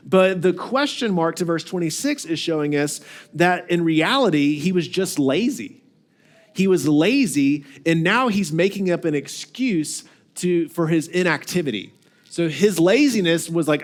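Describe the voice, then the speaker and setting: A man pastor giving a sermon in a relaxed, conversational way, often acting out the voices of the people in the story. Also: fairly high pitch, moderate pace. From United States. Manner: conversational preaching, acts out quoted voices. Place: church sanctuary.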